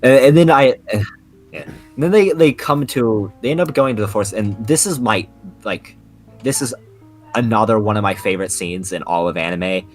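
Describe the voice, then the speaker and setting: A young man chats casually on a podcast in a slightly low voice, stumbling through restarts and fillers as he goes. Faint music plays underneath. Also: normal speed. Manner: rambling, many restarts and "like" fillers. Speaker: podcast co-host. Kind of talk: casual anime podcast chat.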